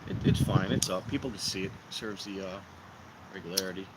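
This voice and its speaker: A man's voice: sits low, steady tone, a little fast, heavy background noise. A man hosting a casual livestream outdoors by a fire pit, rambling and joking with his viewers. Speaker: livestream host.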